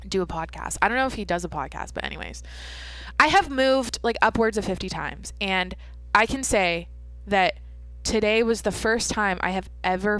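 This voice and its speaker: A woman's voice: on the low side, a bit bright, dry recording. Rambling, swearing woman podcast host. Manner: rambling, profane, self-interrupting storyteller. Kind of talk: casual solo podcast monologue. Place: home at night.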